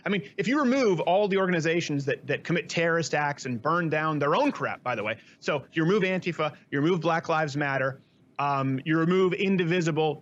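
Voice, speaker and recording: Fast-talking man on a dull line. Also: a little high, a bit bright, a little hiss or hum. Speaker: guest. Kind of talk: fast political chat.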